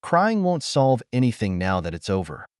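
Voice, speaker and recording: A man reading as a betrayed husband who speaks calmly, coldly and with sarcasm in an audio story. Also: on the low side, normal speed, clear, resonant tone, no room sound, studio quality. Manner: calm, cold, sarcastic. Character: cold, betrayed middle-aged husband.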